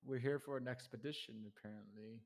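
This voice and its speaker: A man's voice: medium pitch, steady tone, a little fast. A man playing a tabletop game, talking in a hesitant, wry way. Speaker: player.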